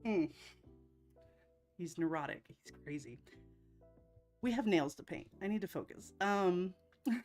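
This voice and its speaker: A woman with a lowish, darkish voice hosts a casual live stream while painting her nails, chatting straight to her viewers and breaking into giggles often. Her intonation is lively, her pace measured with long pauses, and soft music plays in the background.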